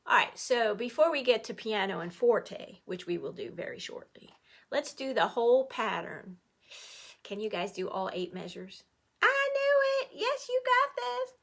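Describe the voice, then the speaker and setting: A middle-aged woman teaching an online music lesson to children, playful and animated, cheering the class on. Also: mid-range voice, normal speed.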